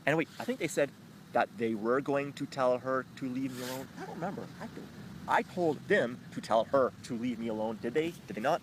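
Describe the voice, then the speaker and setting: A man telling a rambling, profane story, jumping into high put-on voices when he quotes people. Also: a little fast, background noise. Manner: animated, profane, jumps into squeaky voices when quoting others. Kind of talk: rambling anecdote with acted quotes.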